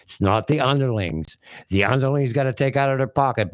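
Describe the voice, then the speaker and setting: A man rambles through an opinionated talk radio monologue, folksy and blunt, wandering off on tangents. His voice sits at a middling pitch. The studio sound is close and dry. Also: expressive, brisk, no echo. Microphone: studio microphone.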